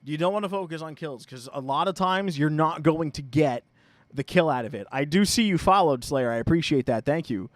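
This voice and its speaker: A man from Long Island with a Long Island New York accent, hosting a live gameplay stream in casual commentary, chatty and quick to laugh and swear. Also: a little high, lively intonation, dry recording. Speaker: game streamer host.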